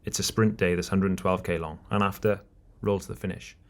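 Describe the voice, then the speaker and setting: A man co-hosting a cycling podcast, talking in an animated, teasing way about the race. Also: sits low, fairly quick. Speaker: podcast co-host, race commentator. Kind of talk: casual podcast chat.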